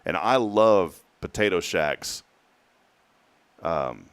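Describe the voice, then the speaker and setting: A man's voice: sits low, expressive, extremely slow, clean tone, no echo. A man hosting a morning talk show, rambling through stories and laughing often. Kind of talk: casual chat.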